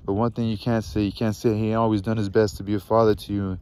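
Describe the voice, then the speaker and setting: A tired, stern mother from a read-aloud novel, voiced by a man reading. She scolds her sons with a sharp tongue, in a low, even delivery with little rise and fall. Faint ambience sits behind the voice. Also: fast talker, slight background noise, natural voice. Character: weary stern mother, middle-aged woman.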